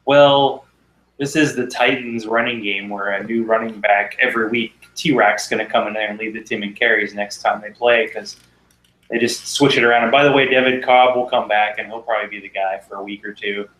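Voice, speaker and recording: A man's voice: fairly low pitch, fairly even intonation, a little fast, fairly bright tone. A man hosting a casual fantasy football chat, talking in a rambling, wry way. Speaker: podcast host. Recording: roomy echo.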